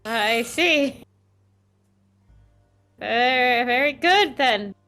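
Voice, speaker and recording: A woman's voice: on the high side, expressive, very slow, bright, forceful tone, faint music behind, exaggerated voice. A woman playing a nervous, protective adventurer mother who speaks politely to a creature.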